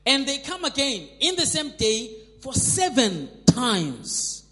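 A man's voice: extremely high pitch, wildly swooping pitch, takes it slowly, a bit bright. A man preaching a sermon, emphatic and repetitive, calling on the congregation to respond. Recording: long hall reverb.

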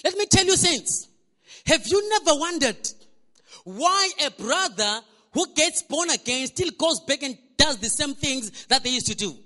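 A male pastor preaching a storytelling sermon in a church hall, animated and often repeating words as he restarts. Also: very high-pitched, unhurried. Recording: echoey hall reverb.

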